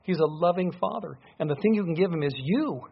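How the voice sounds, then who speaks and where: A man's voice: fairly high pitch, animated, a little fast, gravelly. A man preaching a sermon, speaking earnestly and building up to emphatic peaks as he drives home his points. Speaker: pastor. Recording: dull lo-fi sound.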